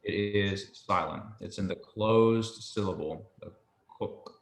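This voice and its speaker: A man patiently tutoring a student in Hebrew pronunciation, relaxed and a little hesitant, with many ums. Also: fairly low pitch, takes it slowly. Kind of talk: patient one-on-one language lesson. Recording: echoey room with faint ambience.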